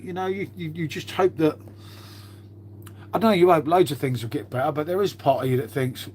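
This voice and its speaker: A man's voice: a little high, a little fast, a little mellow, slight background noise. A middle-aged man rambles casually to his live-stream viewers, calling everyone mate and musing aloud while he tidies up. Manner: laid-back, calls everyone mate, muses aloud while tidying.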